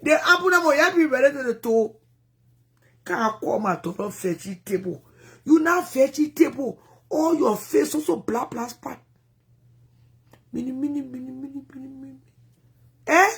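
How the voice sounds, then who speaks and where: A woman with a Liberian accent giving animated, rambling commentary in a casual vlog. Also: high voice, normal speed. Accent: Liberian English. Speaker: vlogger.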